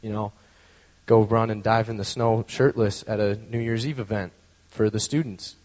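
A man's voice: fairly low pitch, steady tone, moderate pace, darkish tone, long reverb tail. A man telling a personal story in a casual, conversational way, full of fillers and acted-out quotes. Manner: acts out quoted voices.

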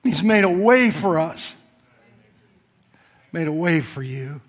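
A man preaching a sermon as pastor to a church congregation, swinging from loud emphatic passages to soft quiet asides and joking with the listeners. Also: on the high side, expressive, slow, slightly rough, long reverb tail. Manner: jokes with the congregation.

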